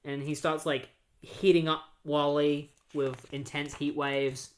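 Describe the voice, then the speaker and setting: A podcast host giving a casual, rambling recap of a comic book run, full of fillers and quick quoted voices. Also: mid-range voice, little pitch movement.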